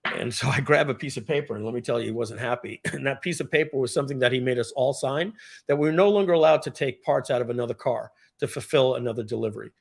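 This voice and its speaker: Gravelly man clearing his throat. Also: mid-range voice, fast. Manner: frequent throat clearing, rambling asides. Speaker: former car dealership general manager. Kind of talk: casual storytelling on a live video.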